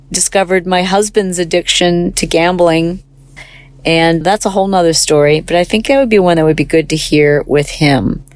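A woman's voice: lowish voice, clear, resonant tone, dry recording. A woman hosting her own show, telling a personal story in an earnest, conversational way, full of little fillers. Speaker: host. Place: car.

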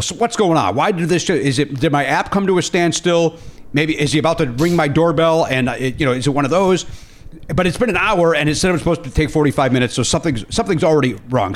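Male podcast host, slightly high voice, very lively intonation, casual and profane storyteller. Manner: animated, swears casually, acts out quoted dialogue.

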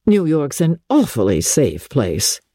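A woman reading aloud voices a proud young gentleman who speaks in a measured, somewhat pompous way. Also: low voice, huge pitch swings, slightly rough, dry recording, clean studio sound, exaggerated voice. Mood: stiff. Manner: measured and dignified.

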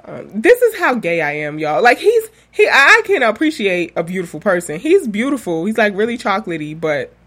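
A woman's voice: mid-range voice, very animated, fairly quick, few pauses, fairly bright tone. Candid, rambling young woman podcaster. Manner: rambling, candid, profane storyteller who often laughs. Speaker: podcast host. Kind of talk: casual podcast monologue.

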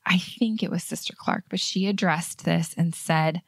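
A woman's voice: lowish voice, moderate pace, vocal fry, slightly rough, no echo. A woman hosting a faith podcast, talking in an earnest, chatty way with light laughs. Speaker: podcast host. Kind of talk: casual faith podcast chat.

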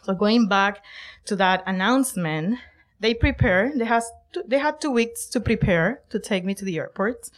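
A middle-aged woman from Puerto Rico telling a personal story, lively and emphatic, acting out quoted lines. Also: medium pitch, normal speed. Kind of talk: personal story told to an audience.

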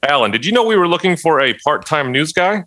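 A man's voice: fairly high pitch, very animated, fast, sharp tone. A man hosting a casual comedy podcast, introducing segments and playing along with jokes. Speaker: podcast host.

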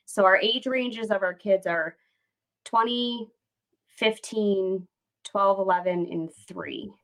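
A woman in her late thirties from the United States, appearing as a guest entrepreneur, tells her story in a candid, rambling interview. She takes it slowly, with a medium-pitched, fairly bright voice, though the audio is poor.

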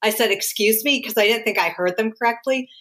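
A woman hosting a podcast, asking questions and chatting casually, quick to laugh. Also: fairly high pitch, fairly bright tone. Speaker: podcast host. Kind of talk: casual interview talk.

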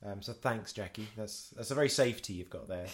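A man co-hosting a casual podcast, teasing his co-host in a dry, deadpan way. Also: fairly low pitch, a little fast.

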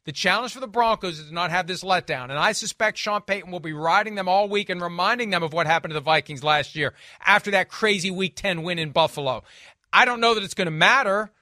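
A man's voice: high voice, fast talker, pushed and bright, no room sound, studio quality. A man hosting a football podcast, talkative and wry, correcting himself as he breaks down games. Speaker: podcast host. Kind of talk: casual sports podcast analysis.

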